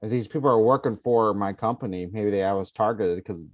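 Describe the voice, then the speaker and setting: A man playing a tabletop game, quiet and hesitant, turning firm when protective. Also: on the low side, brisk, no room sound, lo-fi sound. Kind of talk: casual chat at a game table.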